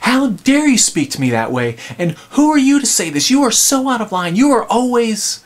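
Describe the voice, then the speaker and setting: A man voicing an indignant, self-righteous husband who lectures his wife, his voice pushed far higher than his own. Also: very animated, normal speed, full character voice. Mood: outraged. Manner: outraged, lecturing.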